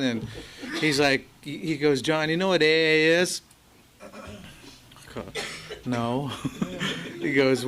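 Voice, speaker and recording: A man's voice: a little high, a bit bright, slight background noise. A man speaking at a recovery meeting, telling a personal story in a laid-back way to a live audience, with many fillers and quoted dialogue. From Los Angeles area. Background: audience laughter.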